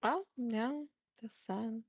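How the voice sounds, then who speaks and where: A woman's voice: on the high side, slow, dry recording, studio quality. A woman chatting casually on a live stream, giggly and rambling with lots of fillers. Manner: giggly, trailing, filler-heavy. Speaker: stream co-host.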